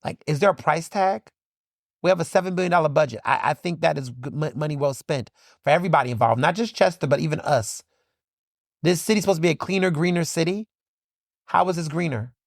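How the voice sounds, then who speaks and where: Man, podcast host, impassioned commentary, higher-pitched voice, emphatic, lots of "like", swears, dry close mic. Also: brisk, dry recording. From Philadelphia. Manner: fired-up, emphatic, repeats phrases, swears, many "like" fillers.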